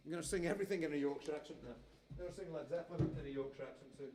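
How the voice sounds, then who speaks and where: At a music club, a man with a voice on the high side talks very fast in a large hall during a live music stream. Between songs, with guitar playing in the background, he chats casually, rambling and self-mocking, restarting often.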